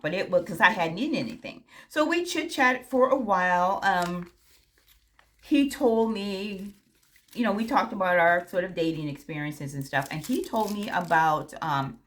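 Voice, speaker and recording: A woman's voice: lowish voice, expressive, moderate pace, fairly bright tone. A woman vlogger telling a story in a casual, chatty way, talking straight to her viewers, frank and candid. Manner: chatty, addresses viewers directly.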